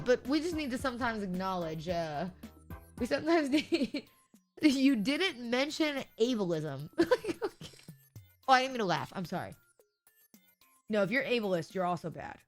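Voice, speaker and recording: Woman streamer, giggly and sarcastic, rambles to chat, slightly higher voice, faint music underneath. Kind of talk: casual live-stream chat.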